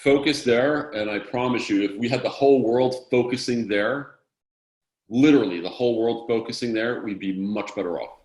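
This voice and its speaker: A man's voice: medium pitch, normal speed, a little mellow. Encouraging man in an echoey room. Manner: upbeat, encouraging, emphatic. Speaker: guest. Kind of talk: motivational conversation. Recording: roomy echo.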